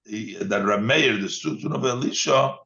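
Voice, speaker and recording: A man, a rabbi, giving a text study lesson, reading Hebrew phrases aloud and then explaining them in English with frequent pauses and fillers. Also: lowish voice, gravelly, bright, forceful tone, muffled recording. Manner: reads Hebrew lines then translates, with fillers.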